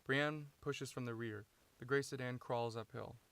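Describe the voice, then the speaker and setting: A man reading his own screenplay aloud, steady and matter-of-fact, inside a parked car. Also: medium pitch, measured pace, gravelly, clear, resonant tone. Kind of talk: script read-through narration.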